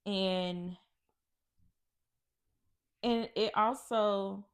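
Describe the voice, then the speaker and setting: A woman co-hosting a podcast, talking in a relaxed, rambling way with fillers. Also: mid-range voice, extremely slow, clean tone. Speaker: podcast co-host. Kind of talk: casual chat.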